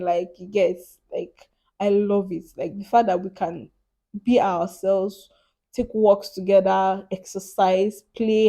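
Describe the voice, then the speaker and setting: A young woman, chatting animatedly in a casual vlog, laughing often and filling her talk with "like". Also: mid-range voice. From Africa. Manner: animated, laughing, lots of "like" fillers. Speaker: vlogger.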